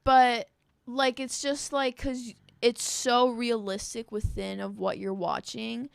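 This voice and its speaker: A woman co-hosting a casual comedy chat, excitable and full of fillers. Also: fairly high pitch, takes it slowly, gravelly, clear, resonant tone, no echo.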